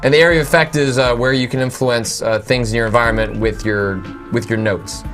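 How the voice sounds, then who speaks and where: A man casually commenting on a game he plays, halting and full of "uh" and "um". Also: medium pitch, fairly even intonation, fairly bright tone. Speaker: video game show co-host. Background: game music.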